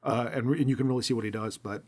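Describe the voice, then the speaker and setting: A man's voice: mid-range voice, steady tone, rapid-fire, husky. A man co-hosting a podcast in casual chat, dry and wry, joking through long lists. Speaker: podcast co-host.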